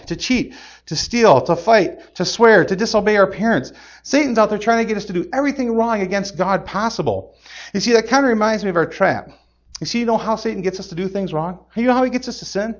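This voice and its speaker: A man giving a playful, animated object lesson to children, exclaiming and laughing as he goes. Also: high voice, fast, muffled recording. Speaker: children's gospel magician.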